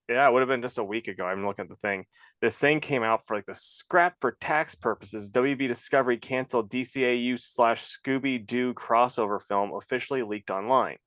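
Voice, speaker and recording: A man co-hosting a casual podcast, telling a quick, rambling story with plenty of swearing. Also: lowish voice, fairly bright tone, no echo, clean studio sound. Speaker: podcast co-host. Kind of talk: casual chat.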